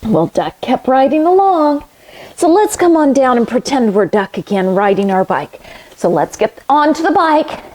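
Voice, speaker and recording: A woman teaching yoga to children through a storybook reading, gentle and instructive, making animal sounds along the way. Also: sits high, big pitch swings, normal speed. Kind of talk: storytelling yoga lesson for kids.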